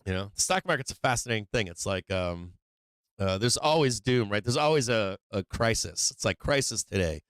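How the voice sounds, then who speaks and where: A man hosting a live trading stream, talking casually and excitedly, swearing freely and laughing often. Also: lowish voice, normal speed, clear, resonant tone, no echo. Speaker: livestream trading host. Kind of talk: casual livestream chat.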